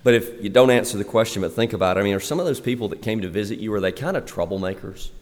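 A male pastor preaching a sermon, chatty with the congregation and emphatic on key points, slowing down to stress the scripture he reads. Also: on the low side, long reverb tail. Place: church sanctuary.

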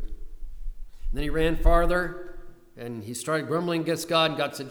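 Older preacher, reverberant hall. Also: male voice, a little high, expressive, measured pace, pauses often, a bit bright. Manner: storytelling, rising to urgent emphasis in quoted pleas. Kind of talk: sermon.

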